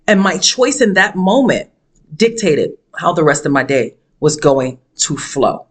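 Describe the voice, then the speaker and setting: A woman speaking as a motivational speaker, telling a story dramatically with sudden jumps in pitch and emphatic, repeated phrases. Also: sing-song, measured pace. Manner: emphatic, preachy delivery with repetition. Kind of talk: storytelling monologue.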